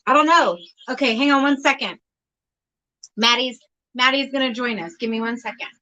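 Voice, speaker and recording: A woman with an Oklahoma accent hosts a casual livestream over a video call, chatting and calling out viewers by name. Her voice is bright and sits a little high. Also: normal speed, highs cut off. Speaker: host.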